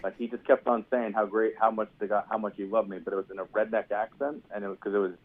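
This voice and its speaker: A stand-up comedian from New York, a man, telling stories quickly and with self-deprecating humor in a casual interview. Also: on the low side, flat delivery. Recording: tinny phone-like sound.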